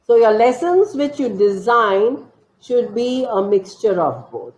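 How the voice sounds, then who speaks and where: Slow, high-voiced teacher trainer. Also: female voice, big pitch swings, a little mellow. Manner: slow, deliberate explaining with acted classroom drills. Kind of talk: online teacher-training session. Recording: roomy, dull lo-fi online session audio.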